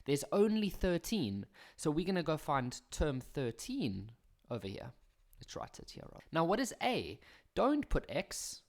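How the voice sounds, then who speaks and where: A man with a South African accent teaching a maths lesson on video, chatty and fond of self-deprecating jokes. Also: a little high.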